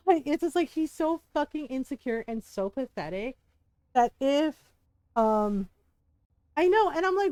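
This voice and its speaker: A woman's voice: high voice, expressive, unhurried, warm tone, no room sound. A woman game streamer in casual livestream chat, ranting heatedly, swearing often and breaking into laughs.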